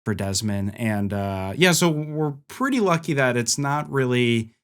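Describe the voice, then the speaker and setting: A young man from the United States tells a rambling story in casual podcast chat. His voice sits at an ordinary middle pitch, and his talk is full of filler words and restarts. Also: big pitch swings, unhurried, smooth. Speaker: guest.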